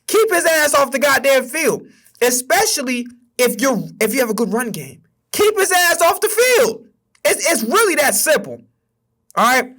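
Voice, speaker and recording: A man's voice: extremely high pitch, very animated, moderate pace, bright, forceful tone. A young man hosting a sports stream, ranting casually and heatedly with plenty of swearing. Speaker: streamer and sports podcast host. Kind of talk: casual sports rant on a livestream.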